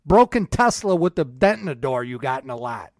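A man's voice: medium pitch, very animated, a little fast, a little mellow, no echo, studio quality. A man hosting a podcast, telling a story in a heated, profane, repetitive rant. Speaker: podcast host.

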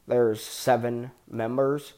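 A man's voice: medium pitch, flat delivery, slow, mellow. A man giving a casual, enthusiastic TV show review, rambling with frequent restarts and casual swearing.

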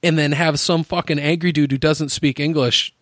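A man's voice: a little high, steady tone, normal speed, a bit bright, dry recording, clean studio sound. A young man telling a travel story in casual chat, rambling and swearing, laughing often. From United States. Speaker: podcast co-host.

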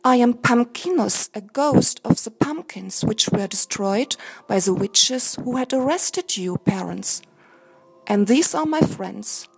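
A woman voicing a kind, small male pumpkin ghost in a storybook, speaking gently and reassuringly. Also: on the high side, animated, slow, gravelly, breathy edge, heavily acted.

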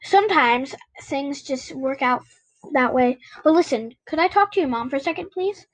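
A woman voicing a kind teenage girl babysitter in a children's story, speaking gently. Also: high-pitched, lively intonation, normal speed, no echo, low-quality recording. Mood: gentle. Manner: gentle and soothing.

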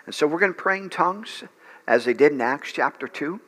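A man's voice: a little high, animated, brisk, pushed and bright, breathy edge. A man preaching as a pastor, fervent, with frequent fillers and restarts. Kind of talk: sermon and prayer. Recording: long reverb of a large hall.

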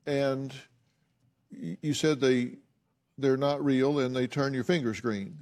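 A man's voice: medium pitch, steady tone, slow pace, a little mellow. A man hosting a TV talk show, asking probing, slightly stammering questions.

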